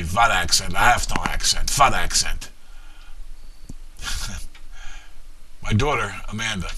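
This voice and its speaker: A middle-aged man performs seated stand-up in a small room, spinning wry stories about his family and pausing before each punchline. His voice sits a little low yet comes across bright and forceful. A faint hiss of noise runs under the recording. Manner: wry storytelling with punchline pauses. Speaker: stand-up comic. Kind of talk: seated stand-up comedy routine. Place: small venue with a live audience.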